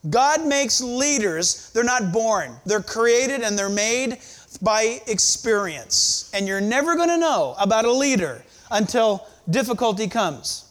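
High-pitched emphatic preaching man. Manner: emphatic preaching with dramatic pauses. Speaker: pastor. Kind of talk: sermon.

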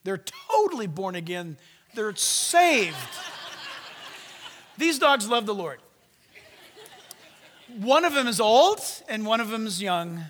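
A man preaching a sermon, swinging from loud commands to hushed asides. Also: sits high, sing-song, takes it slowly, long pauses, in a large hall, slight background noise. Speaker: pastor.

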